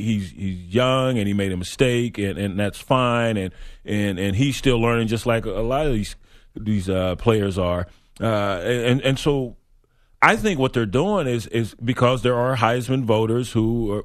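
A man's voice: fairly low pitch, dry recording, clean studio sound. A man co-hosting a sports talk show, chatting casually and laughing often. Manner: animated, laughs often, teasing.

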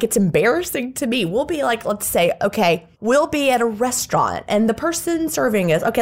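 Woman, podcast host, emphatic, laughs a lot, very lively pitch, vocal fry. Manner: animated, laughs often, gestures a lot. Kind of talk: casual podcast conversation.

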